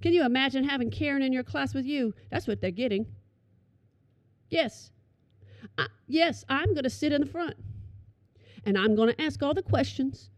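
A middle-aged woman telling comic stories to an audience, animated and calling them y'all. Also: high voice, normal speed, pauses often, no echo. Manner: animated, addresses listeners as y'all. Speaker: storyteller.

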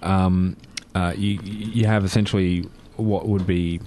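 A man hosting a community radio tech show, chatty and relaxed, with plenty of fillers. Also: sits low, measured pace. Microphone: studio microphone.

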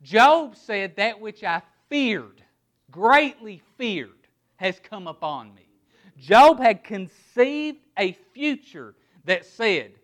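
A man preaching a sermon in a noticeably high voice. He stresses words one by one and poses rhetorical questions, then drops quiet and low to land his key points. He sounds middle-aged. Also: sing-song, takes it slowly. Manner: emphatic preaching, word-by-word emphasis, rhetorical questions. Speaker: pastor.

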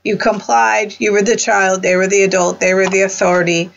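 A middle-aged woman with a gravelly, creaky voice talks earnestly about relationships on a faith podcast. She explains her points through homely analogies. The sound is dull and lo-fi. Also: medium pitch, flat delivery, brisk. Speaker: podcast host, counselor. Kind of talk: casual faith-based discussion.

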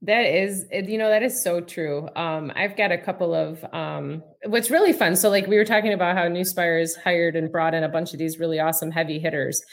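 A woman's voice: lowish voice, fairly even intonation, fairly quick, few pauses. A woman co-hosting a casual chat, rambling with many ums and restarts.

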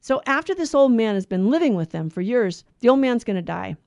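A woman telling a moral story in a casual, animated way, acting out the characters' lines. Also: on the high side, fairly quick, creaky, no room sound, studio quality. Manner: animated, acts out the lines, many restarts.

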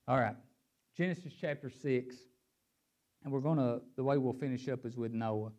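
With a mid-range voice at normal speed, a preacher reads from scripture and delivers his sermon, swinging his emphasis up and down and repeating words as he works through his thoughts. The sound is lo-fi.

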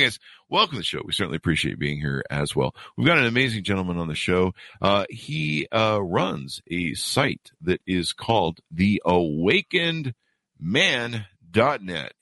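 A man's voice: on the low side, pushed and bright, no room sound. A man hosting a podcast, joking and rambling with self-mocking asides. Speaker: podcast host. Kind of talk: casual rambling podcast intro and interview.

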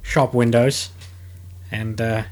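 A man hosting a comedy podcast, reading a news story aloud in a halting way with many fillers, casual and joking. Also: mid-range voice, steady tone.

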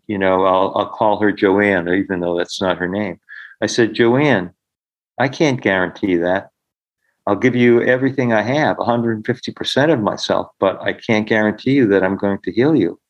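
On a low-quality recording, a man with a voice on the low side shares stories in an interview. He is a middle-aged healer and podcast guest who speaks earnestly and imitates the voices of the people he quotes.

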